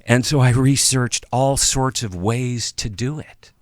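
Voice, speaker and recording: A man around fifty, a guest in an interview, telling a personal story in a halting way, with pauses and restarts, and audibly emotional. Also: medium pitch, no echo, studio quality. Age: about 50.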